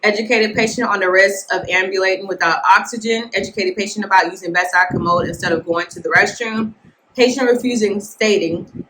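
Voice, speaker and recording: A woman hosting a casual podcast, telling a work story in a blunt, animated way and talking straight to her listeners. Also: mid-range voice, fairly quick, slight background noise, low-quality recording. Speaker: nurse podcast host. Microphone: podcast mic, filmed for video.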